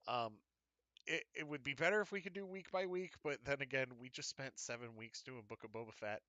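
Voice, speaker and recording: A man hosting a live online show, chatting casually, enthusiastic and expressive, laughing often. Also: medium pitch, a little fast, no echo, muffled recording. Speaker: host. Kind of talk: casual chat.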